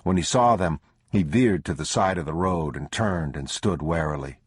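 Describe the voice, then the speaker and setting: A man reading a grim survival audiobook in a low, measured narration. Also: husky, no room sound, studio quality. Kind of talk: scripted narration.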